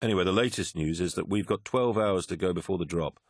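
A man's voice: low voice, fast talker, husky, no echo, studio quality. A man voicing a worried, pragmatic male officer who pleads urgently in a raised voice in an audiobook. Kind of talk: audiobook character voice.

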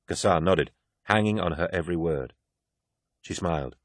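A man narrating a science-fiction audiobook in a steady, measured way. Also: low voice, no room sound, clean studio sound. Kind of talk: scripted narration.

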